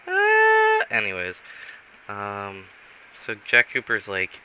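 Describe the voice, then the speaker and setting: A man telling an improvised story in a rambling, halting way, in a dull lo-fi recording. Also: lowish voice, sharp tone, slight background noise. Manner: rambling, halting, many fillers.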